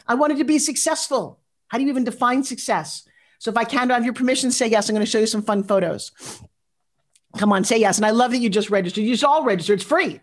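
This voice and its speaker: A woman in her fifties giving a motivational speech, animated and confessional, talking straight to her audience and asking for their replies. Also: on the high side. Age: 50s. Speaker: motivational speaker.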